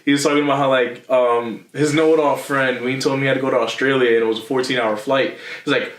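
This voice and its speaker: A man's voice: mid-range voice, fast, far from the mic. A young man co-hosting a casual podcast, telling stories with a lot of laughter and acted-out quotes. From Philadelphia area. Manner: animated storytelling, acts out quotes, laughs a lot. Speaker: podcast co-host. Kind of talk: casual chat. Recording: echoey room.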